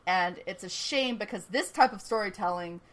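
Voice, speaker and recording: A woman co-hosting a podcast in casual chat, animated, laughing often and swearing casually. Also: medium pitch, moderate pace. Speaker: podcast co-host. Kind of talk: casual chat recapping a TV episode.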